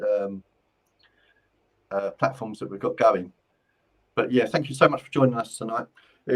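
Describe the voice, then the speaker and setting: A man's voice: medium pitch, low-quality recording. Rambling man giving psychic readings. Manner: rambling, repeats phrases, stumbles on restarts. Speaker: spiritual medium and host. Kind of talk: live-stream psychic readings.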